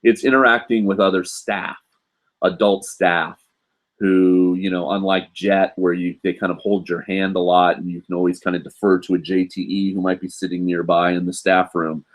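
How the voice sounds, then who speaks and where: A man hosting a casual live Q&A stream as a university English teacher, chatty and animated, leaning on "you know" as he talks. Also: low-pitched, moderate pace. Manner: animated, acts out students and staff in a raised voice. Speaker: host answering viewer questions.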